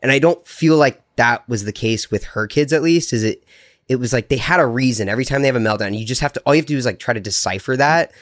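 A man's voice: mid-range voice, fast, no echo, studio quality. A man co-hosting a podcast in casual chat, rambling with lots of fillers and frequent laughs, a little sick. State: slightly sick, may cough. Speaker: podcast co-host.

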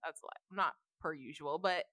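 A woman's voice: low voice, moderate pace, bright, forceful tone, dry recording, studio quality. A woman co-hosting a podcast, talking candidly and emphatically in casual chat. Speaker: podcast co-host.

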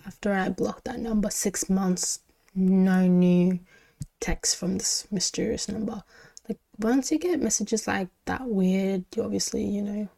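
A young woman telling a storytime on her podcast. Her voice sits at a middle pitch with a soft, mellow tone, and she talks in a loose, chatty way, filling her sentences with "like" and sometimes dropping to a whisper. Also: gravelly. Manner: chatty, heavy use of "like", drops into whispers. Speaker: podcast host. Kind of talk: casual storytime.

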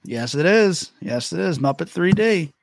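A man's voice: a little high, expressive, a little slow, gravelly, no room sound, clean studio sound. A man hosting a casual podcast quiz game, joking and self-deprecating. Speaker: quiz host.

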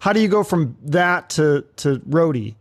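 Higher-voiced male host with a dry sound. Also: animated, moderate pace, no room sound. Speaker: podcast host. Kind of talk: casual interview.

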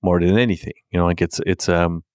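A middle-aged man talking candidly in a conversation, halting and leaning heavily on filler words. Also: deep voice, fairly even intonation, a little mellow, clean tone, no echo, studio quality.

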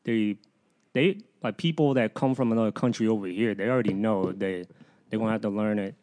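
A man's voice: fairly low pitch, brisk, a little mellow. Curious chatty man full of "like"s. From United States. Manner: curious, asks questions, heavy use of "like" and "you know". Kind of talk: casual chat.

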